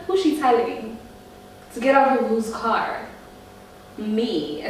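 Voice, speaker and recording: A young South African woman tells a storytime vlog, chatting and laughing as she speaks straight to her viewers. Her voice is expressive and on the high side, slow, with long pauses. The recording is echoey and distant, with a little hiss or hum.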